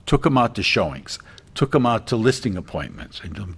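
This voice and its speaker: Middle-aged man, lowish voice, earnest rambling realtor guest on a TV chat. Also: very animated, fairly quick, fairly bright tone, breathy edge. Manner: rambling, earnest, many restarts. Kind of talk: casual TV interview chat.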